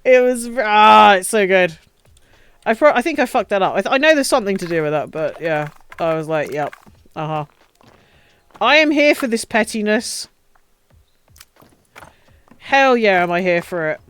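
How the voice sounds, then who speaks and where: A woman's voice: mid-range voice, animated, fairly quick, clean tone. A woman streaming a building game, chatting casually, swearing, ranting and laughing often. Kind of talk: casual live-stream chat while playing.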